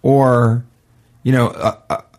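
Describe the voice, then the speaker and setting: A man's voice: medium pitch, flat delivery, takes it slowly, darkish tone. A man co-hosting a comedic casual chat, reading listener questions aloud with mock seriousness. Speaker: co-host.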